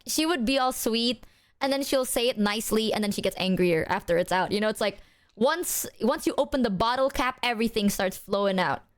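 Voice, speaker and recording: A woman streamer in casual chat, telling stories in an animated, slangy way. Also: fairly high pitch.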